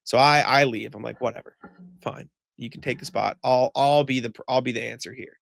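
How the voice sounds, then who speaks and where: Casual podcast co-host, a man with a gravelly, fry-heavy voice, venting through a long story. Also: mid-range voice, steady tone, a little fast, no echo. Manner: rambling storytelling with many "like" fillers and swearing; exasperated ranting. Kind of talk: casual chat.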